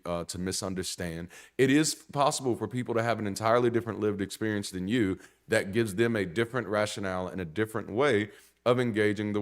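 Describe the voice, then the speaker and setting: Blunt, animated man preaching conversationally. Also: on the low side. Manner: blunt, animated, swears casually, restarts often. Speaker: pastor. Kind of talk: conversational sermon.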